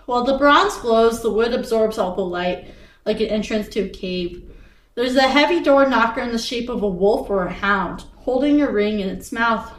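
A woman with a somewhat high, bright voice reads a spooky gamebook aloud for her co-host. She reads with animation and often stops to laugh or chat. The sound is roomy and echoey, as if the mic sits a little way off. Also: normal speed. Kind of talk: casual read-aloud storytelling. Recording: roomy echo, distant from the mic.

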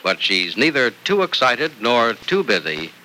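Male radio announcer, vintage ad read, very bright, lively pitch, salesman pitch. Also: measured pace, a little hiss or hum, low-quality recording. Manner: upbeat, salesman-like.

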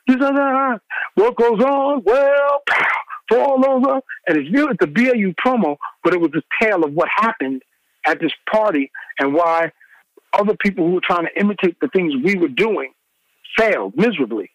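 Middle-aged man, interview guest, animated storyteller, mimics voices, higher-pitched, dry close sound. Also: fairly quick, no room sound, low-quality recording. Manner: acts out quoted people with big pitch swings. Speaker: guest, former radio DJ.

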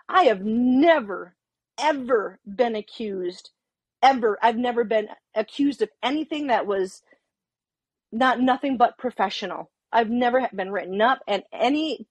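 Animated, swearing woman storyteller. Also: fairly high pitch, normal speed, breathy edge, dry recording. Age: adult with an underage daughter. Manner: profane, animated, acts out both sides of conversations. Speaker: police officer telling her story. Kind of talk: casual storytelling.

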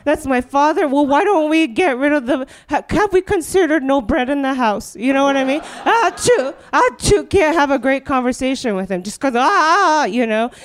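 A woman's voice: high voice, lively intonation, fairly quick, hardly any pauses. A young woman doing a rambling stand-up monologue on stage, then hosting a live comedy show. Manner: rambling, riffing, full of "you know". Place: stage before a live audience.

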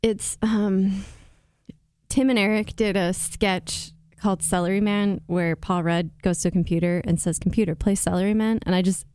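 A woman chatting casually about movies and shows as a podcast co-host, animated and chatty. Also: mid-range voice, moderate pace, clear, resonant tone, dry recording. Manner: animated, chatty, exaggerated impressions. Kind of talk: casual pop-culture chat.

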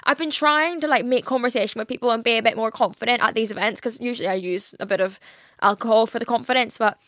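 Rambling young woman, fairly high voice. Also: quick pace, fairly bright tone, no echo, studio quality. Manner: rambling, candid, swears freely. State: teary, close to crying. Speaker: podcast host. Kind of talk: casual solo podcast chat.

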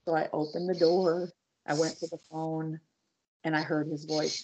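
A woman guest on a podcast, earnestly telling her personal story with halting restarts and speaking straight to her listeners. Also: deep voice, little pitch movement, a little mellow, a little hiss or hum. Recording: dull lo-fi audio.

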